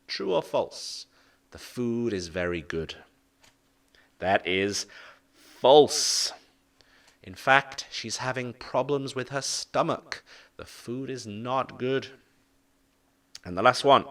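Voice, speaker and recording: Male english teacher going slow, voice swings up and down a lot, a bit far from the mic. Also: fairly low pitch, expressive, fairly bright tone. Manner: slow, deliberate modeling of intonation. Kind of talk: online English lesson.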